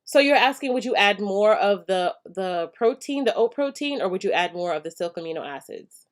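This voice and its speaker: A woman hosts a relaxed live chat, answering viewers' questions. She talks loosely and easily, with plenty of "um"s, restarts and bursts of laughter. Her voice sits in an ordinary middle range. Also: medium pitch, normal speed. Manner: chatty and laughing, with frequent fillers and restarts.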